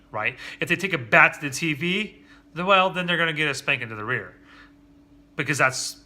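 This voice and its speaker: A man talking candidly and earnestly about his own parenting in a personal vlog, often halting and restarting. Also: mid-range voice, sharp tone, a little hiss or hum. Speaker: father vlogger.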